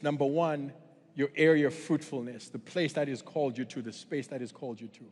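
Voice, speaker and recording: A guest pastor from Africa preaches in a church auditorium, telling stories in an animated, expressive way and acting out dialogue before turning earnest for the closing challenge. His voice is medium-pitched, and long church-hall reverb fills the recording.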